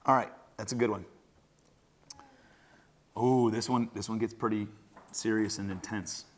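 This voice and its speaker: On his podcast, a man in his thirties holds a casual conversation with his daughter, speaking in a chatty, relaxed manner full of loose fillers. His voice sits on the low side, with fairly even intonation and a slightly slow pace.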